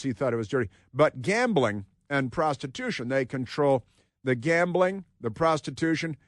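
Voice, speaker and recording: A man hosting a talk radio show, delivering an opinionated monologue in a sarcastic tone with drawn-out, emphatic phrasing. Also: medium pitch, no echo, studio quality.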